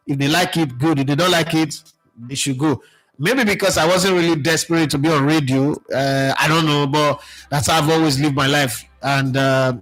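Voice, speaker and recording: A Nigerian sports radio presenter speaking in a casual, animated monologue, mixing in pidgin phrases as he reflects. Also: a little high, rough recording.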